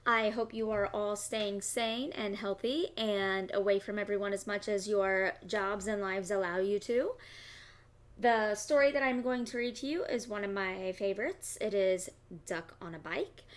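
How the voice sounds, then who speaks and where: At storytime, a woman children's librarian reads a picture book aloud in an animated way, asking the kids questions and slipping into gasps and whispers. Her voice is mid-range and a little slow.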